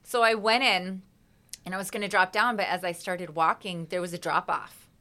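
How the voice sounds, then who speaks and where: A woman's voice: lowish voice, steady tone, moderate pace, pushed and bright. A woman, a singer, chatting as a guest in an interview and acting out her own reactions as she tells a story. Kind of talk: casual interview chat.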